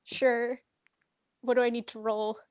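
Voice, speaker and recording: A woman with a somewhat high voice chats as a player in a tabletop game, pausing to plan her moves. The recording is dry and close, with no room sound. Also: level tone, darkish tone, clean tone, no echo, highs cut off. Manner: hesitant, chatty. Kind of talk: casual tabletop game play.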